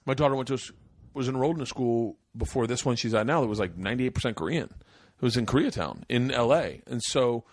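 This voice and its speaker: A man's voice: mid-range voice, fast, dry recording, studio quality. A man in his forties hosting a podcast, telling profane stories in casual chat. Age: 40s. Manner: animated, profane storyteller. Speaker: podcast host.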